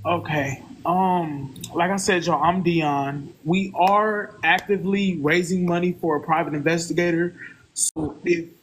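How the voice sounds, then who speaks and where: Man, live-stream host, higher voice, casual, halting, filler-heavy. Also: a little hiss or hum, low-quality recording. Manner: loose, halting, full of fillers.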